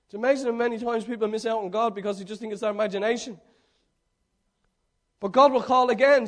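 Man, preacher, very high voice, fervent rhetorical sermon. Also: steady tone, fast, long pauses. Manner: fervent, rhetorical, builds to shouts.

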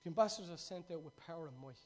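A man preaching a fervent, storytelling sermon that swings from loud to hushed. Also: a little high, lively intonation, racing.

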